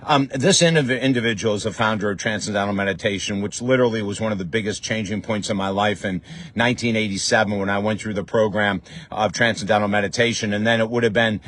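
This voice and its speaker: A man's voice: lowish voice, fast talker, a bit bright. A man hosting a podcast in a casual, enthusiastic monologue, with frequent fillers and restarts. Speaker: podcast host.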